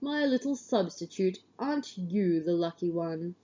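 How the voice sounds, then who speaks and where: A woman's voice: on the low side, expressive, warm tone, muffled recording. Woman doing a hulking scornful hero. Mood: playful. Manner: slow, mocking drawl. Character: huge scornful male warrior hero, brutish.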